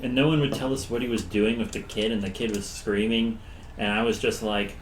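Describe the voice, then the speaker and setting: A man who plays in a tabletop game, recalling the session in an animated, joking way. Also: fairly low pitch, brisk, slight background noise. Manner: animated, joking, laughs often. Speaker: player. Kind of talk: casual recap of a tabletop game. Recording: roomy echo.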